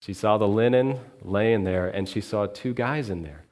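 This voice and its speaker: A man with a low, grounded voice preaches in character, speaking as if he lived the events himself. His delivery is earnest and storytelling, dropping soft and hushed in the grief, then picking up with animated energy. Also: moderate pace. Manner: earnest storyteller, quiet and reflective. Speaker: minister. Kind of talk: first-person sermon monologue in character. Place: church sanctuary.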